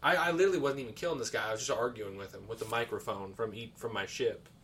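An American man in a casual podcast chat, joking around crudely and swearing freely. His voice sits at an average pitch and sounds set back from the mic, with a faint hiss underneath. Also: quick pace, fairly bright tone, far from the mic. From United States. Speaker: podcast co-host.

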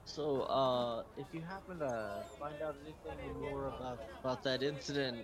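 A man's voice: mid-range voice, moderate pace. A man in a mid-range voice chats casually during a tabletop game. A crowd murmurs behind him. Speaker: player.

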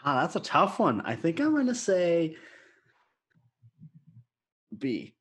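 A man co-hosting a podcast over a video call, talking loosely with quick exclamations and the odd swear. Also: a little high, wildly swooping pitch, husky. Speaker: podcast co-host.

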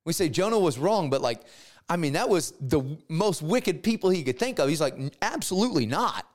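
A man teaching a Bible class in a casual, animated way, retelling stories with slangy asides and acted-out characters. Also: fairly high pitch, fairly quick.

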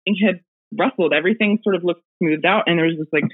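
Her voice lowish and breathy-edged, a woman guest races through a personal ghost story at a quick pace. Heard over a tinny remote phone line, she rambles casually, with fillers and little laughs.

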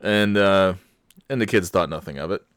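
Low-voiced guy telling a goofy story about his kids, dry close mic, laughs as he goes. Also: clear, resonant tone, no room sound. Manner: animated, laughing, with quick restarts. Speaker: father telling a family story. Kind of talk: casual storytelling.

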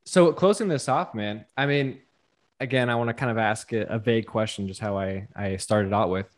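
Podcast host guy, lowish voice, relaxed and agreeable, says man and dude a lot. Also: moderate pace. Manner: relaxed, agreeable, loose filler words. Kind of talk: casual conversation.

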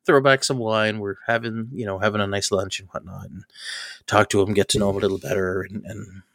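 A man telling a personal story in a casual podcast chat, animated and acting out the people he quotes, often laughing. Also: lowish voice, a little fast, dry recording, clean studio sound. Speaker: podcast host.

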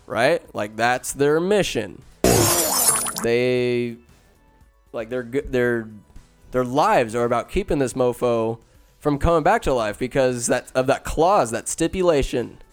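A man casually recapping a film, rambling, swearing and telling the story with animated asides. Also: mid-range voice, a little slow, faint music behind.

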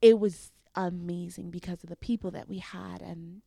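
Young female guest, casual storyteller, gravelly voice, does lively voices for the people in her story. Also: moderate pace, dry recording, studio quality. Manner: animated, acts out quotes with big jumps in pitch. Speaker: interview guest.

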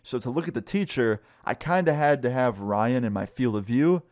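A man's voice: medium pitch, animated, normal speed, a little mellow, no room sound, studio quality. Young man telling a loose story. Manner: loose, profane, full of "like". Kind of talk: casual story time.

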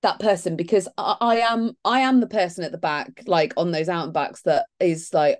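A woman co-hosting a podcast in casual chat, animated and laughing often, mimicking others. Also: lowish voice, moderate pace, few pauses. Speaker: podcast co-host.

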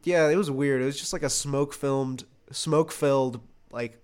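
A man's voice: medium pitch, fairly even intonation, unhurried, darkish tone, smooth. A young man co-hosting a podcast, telling a rambling, profane story in casual chat and breaking into laughter. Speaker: podcast co-host. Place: Los Angeles.

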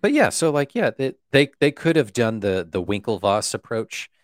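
A man co-hosting a movie podcast, joking, swearing often and acting out quick bits. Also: medium pitch, sing-song. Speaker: podcast co-host. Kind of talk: casual movie podcast chat.

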